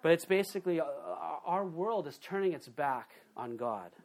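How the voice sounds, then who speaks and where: Animated preaching man, fairly high voice. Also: normal speed. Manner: animated, swings from loud emphasis to quiet asides, acts out quoted voices. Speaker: pastor. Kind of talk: sermon.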